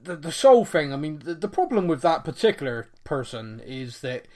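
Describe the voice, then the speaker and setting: Guy on a podcast, laughs a lot, kinda high voice, tells stories and acts them out. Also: a little fast. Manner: animated storyteller, laughs often, acts out shouting fans. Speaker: podcast co-host. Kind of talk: casual chat.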